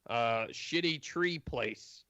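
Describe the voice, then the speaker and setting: A man voicing a huge, gruff half-giant loner who grumbles rudely and hesitates between words. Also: medium pitch, takes it slowly, sharp tone, no room sound, highs cut off. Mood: grumpy.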